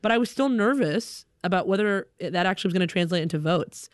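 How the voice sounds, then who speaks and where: A young adult woman telling a comic personal story in an animated way, acting out the people in it. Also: fairly low pitch, quick pace. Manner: animated, acts out other people's voices.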